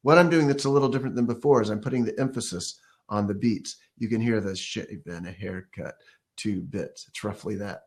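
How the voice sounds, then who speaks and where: A man's voice: on the low side, brisk, faint music behind. A man giving a casual ukulele lesson, explaining step by step and counting beats or scatting rhythms aloud as he plays. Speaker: ukulele teacher. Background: ukulele playing.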